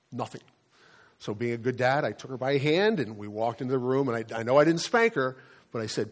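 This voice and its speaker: A middle-aged man preaches a sermon from the pulpit, speaking at a middle pitch. He delivers it conversationally, like he's telling a story to friends, and often repeats a word or two before pressing on. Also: lively intonation, fast. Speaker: pastor.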